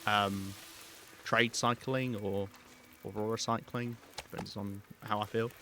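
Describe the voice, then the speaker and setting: Male game streamer, lowish bright voice, rambles and thinks aloud on a live stream. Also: flat delivery, measured pace, a little hiss or hum. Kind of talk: live gameplay commentary.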